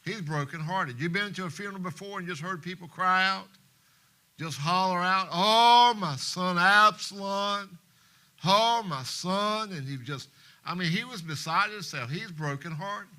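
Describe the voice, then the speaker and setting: A man preaching a sermon in a church, passionate, swinging between hushed tones and loud emphasis, and reading scripture in King James wording. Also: high-pitched, moderate pace. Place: church live stream.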